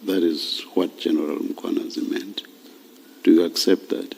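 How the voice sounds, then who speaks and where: A man chairing a commission hearing, questioning a witness slowly and deliberately, often repeating words. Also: low voice, steady tone, vocal fry, darkish tone, a little hiss or hum. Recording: long reverb of a large hearing room.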